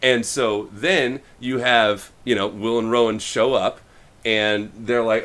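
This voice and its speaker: A man co-hosting a podcast, casually retelling a story and acting out the characters' lines in quick little voices. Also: medium pitch, fairly even intonation, fairly bright tone. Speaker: podcast co-host.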